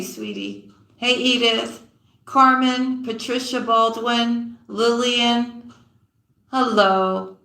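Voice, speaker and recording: A woman tarot reader chatting on a live stream in an unhurried, drawn-out way, with a bright, forceful tone. She greets viewers affectionately as sweetheart and sis and often trails off low and soft mid-thought. The sound is roomy and echoey. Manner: often drops low and quiet mid-sentence.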